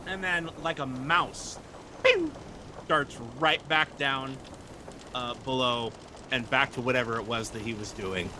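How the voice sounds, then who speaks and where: A man's voice: medium pitch, unhurried, background noise. A man narrating as game master of a tabletop game, rambling through scenes with many fillers.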